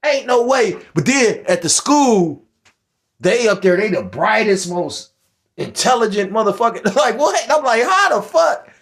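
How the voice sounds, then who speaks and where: High-voiced, profane, heated middle-aged man. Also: sing-song, measured pace. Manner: heated, profane, rambling with restarts. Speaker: religious commentator. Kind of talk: casual profane scripture commentary.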